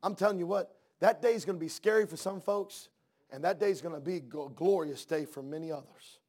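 A man preaching a sermon in church, swinging from hushed soft words to loud fervent outbursts and restarting words as he builds. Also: fairly high pitch, brisk.

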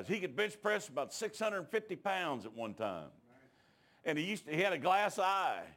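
A man preaching a revival sermon, telling folksy stories and building up to shouts. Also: high-pitched. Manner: folksy rural talk that rises into shouting. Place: church.

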